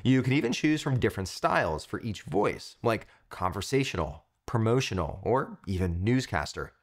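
A man's voice: fairly low pitch, very animated, normal speed. A man hosting a tech tutorial, giving an upbeat scripted product review in punchy short phrases.

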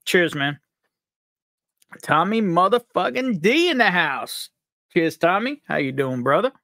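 A man's voice: high-pitched, very animated, unhurried, vocal fry, bright, forceful tone, no room sound, studio quality. A man from upstate New York hosting a live stream, upbeat and jokey as he greets viewers by name. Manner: upbeat, jokey, reads out chat names. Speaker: livestream host.

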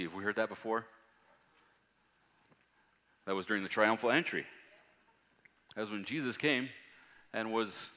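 Bright-voiced male preacher in a reverberant hall. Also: on the low side. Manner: reads scripture aloud, rising to loud emphatic passages. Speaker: pastor. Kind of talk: sermon. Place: church hall.

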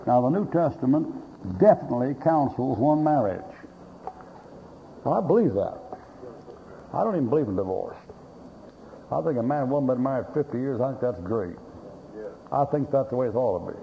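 A male pastor delivers a sermon packed with folksy anecdotes and blunt jokes, acting out the voices in his stories. His voice sits at a middle pitch. The recording is dull and lo-fi, with a faint hiss underneath. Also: animated, a little fast, gravelly, pauses often.

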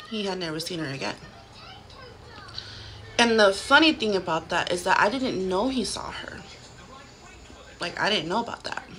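Filming herself on her phone at home, a woman in her thirties recounts a haunting experience in a loose, talkative way full of "like" fillers. She has a mid-range, slightly bright voice.

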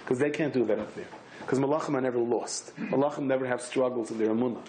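A man, a rabbi, giving a lively Torah class in English mixed with Hebrew and Yiddish words, with sudden high, emphatic bursts. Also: fast talker, a little hiss or hum.

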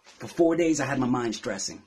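A man's voice: mid-range voice, animated, fairly quick, a little mellow, husky. A man from England delivering a battle rap verse, taunting his opponent with aggressive insults. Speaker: battle rapper.

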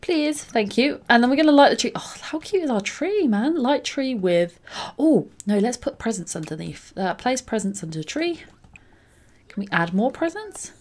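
A woman's voice: on the high side, sing-song, unhurried, a little mellow. A young woman giving casual, chatty commentary while playing a life-simulation game. She giggles often and coos over cute moments. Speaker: gaming channel host.

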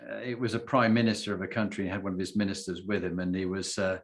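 Male host, lowish voice. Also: quick pace. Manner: animated storytelling, self-deprecating. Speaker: podcast host. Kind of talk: casual interview chat.

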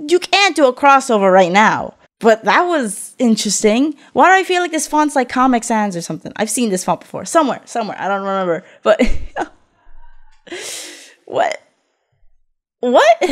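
A young woman giving excitable let's play commentary, whooping and yelling at the game. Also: on the high side. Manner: excitable, loud whoops and squeals. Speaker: gaming YouTuber.

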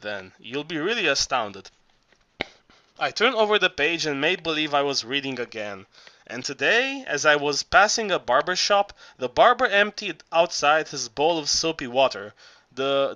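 A man narrates an audiobook with a bright, fairly high voice that rises and falls a lot. He often trips and restarts words as he reads. The sound is dry and close. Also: dry recording. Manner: stumbling, frequent restarts. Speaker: audiobook reader.

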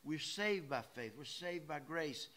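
A man preaching a sermon as pastor, folksy, shifting between loud emphatic lines and quiet asides. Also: a little high, expressive, measured pace. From Louisiana. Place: church sanctuary.

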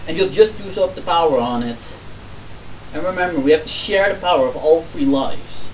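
Man, gaming banter, high pitched, teasing, off-mic, faint hiss. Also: normal speed, far from the mic, low-quality recording. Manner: teasing, animated, swears when losing. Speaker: let's play commentator.

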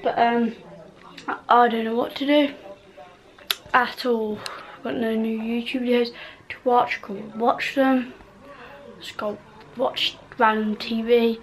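A woman's voice: fairly high pitch, steady tone, a little slow, pauses often, rough recording. A woman from the UK chatting in a rambling vlog at home, full of fillers and trailing off. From United Kingdom. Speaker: vlogger. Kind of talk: casual vlog talk. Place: home bedroom, indoors.

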